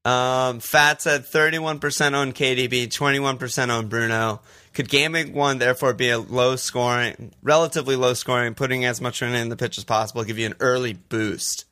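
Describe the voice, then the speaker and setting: A man's voice: mid-range voice, steady tone, normal speed, few pauses, bright, forceful tone, clear, resonant tone. A man co-hosting a podcast, chatting casually, swearing freely and reading out listener questions. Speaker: podcast co-host. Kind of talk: casual chat.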